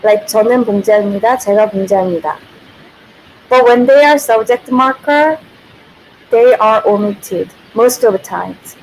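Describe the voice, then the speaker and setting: A woman's voice: fairly high pitch, quick pace, a little hiss or hum, rough recording. A woman, a native Korean speaker, giving a casual livestream language lesson who thinks aloud, corrects herself and laughs often.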